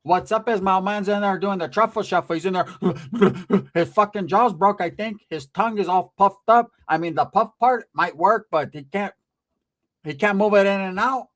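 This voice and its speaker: A man's voice: sits high, moderate pace, lightly acted. A man voicing a fierce, foul-mouthed middle-aged aunt who bosses everyone around. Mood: scolding. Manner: brash, bossy, profane.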